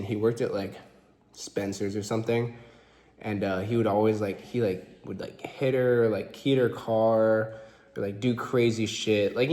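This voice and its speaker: A man's voice: lowish voice, darkish tone. A young man in his twenties telling a story in a casual vlog, laid-back and rambling, with lots of fillers. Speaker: vlogger. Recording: roomy echo.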